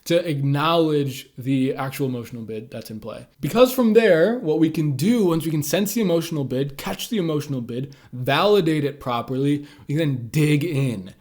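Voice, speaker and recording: A man's voice: fairly high pitch, lively intonation, normal speed, hardly any pauses, darkish tone. Loose, casual man giving communication tips. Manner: loose and conversational, many "like" and "uh" fillers. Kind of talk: casual instructional talk to camera.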